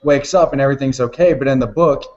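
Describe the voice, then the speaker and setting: Casual male co-host, rambling and profane storyteller, mid pitch, dull lo-fi recording. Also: fast, a little mellow. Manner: rambling, swears often, laughs while retelling. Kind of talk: casual chat.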